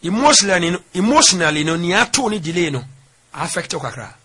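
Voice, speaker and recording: A Ghanaian man with a high, bright, husky voice interviews a guest on the radio. He talks fast and lively, probing with questions in Twi and English. The sound is that of a radio broadcast.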